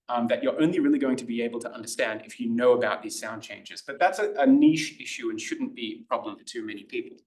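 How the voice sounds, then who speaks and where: An Australian man with a middle-pitched voice, working as a Greek tutor, gives an informal lecture in a chatty, halting way full of fillers and restarts. He's recorded from across a roomy, echoey lecture room with the mic at a distance.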